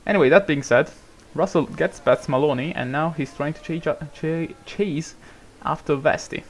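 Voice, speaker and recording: A man's voice: fairly high pitch, normal speed, a little hiss or hum. Swearing casual gaming commentator man. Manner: swears a lot, rambling, bursts into shouting at drivers. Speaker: gamer commentating a racing management game. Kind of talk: casual let's-play commentary.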